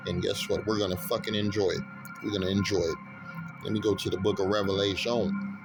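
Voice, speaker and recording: A man preaching from the Bible, reading verses aloud and breaking into loud, fervent, laughing commentary in casual slang. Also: fairly low pitch, steady tone. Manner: casual slangy talk, unhurried while looking up verses. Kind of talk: street sermon reading scripture. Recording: music playing under the voice. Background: music bed.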